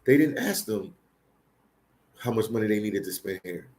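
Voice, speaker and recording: His voice is on the low side, expressive and darkish, delivered at normal speed. The speaker is a Philadelphia livestream host recounting stories casually, with heavy emphasis and repeated phrases.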